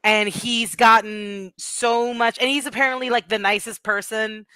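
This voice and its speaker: A woman's voice: fairly high pitch, fairly even intonation, unhurried, sharp tone, clear, resonant tone, dry recording. A woman guest on a wrestling podcast, chatting casually and gushing in a rambling way about her favorite moments. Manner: gushing, rambling fan talk. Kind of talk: casual chat.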